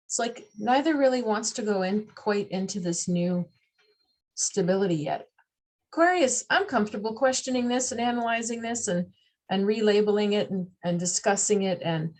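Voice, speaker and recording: A woman's voice: mid-range voice, normal speed, a little mellow. A woman explaining astrology in a casual talk, acting out the voices of the signs and laughing at herself.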